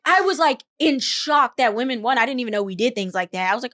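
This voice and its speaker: Animated woman telling stories, bright voice. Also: quick pace, no echo, studio quality. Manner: animated storyteller, acts out quotes with big pitch jumps and laughs. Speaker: podcast co-host. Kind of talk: casual chat.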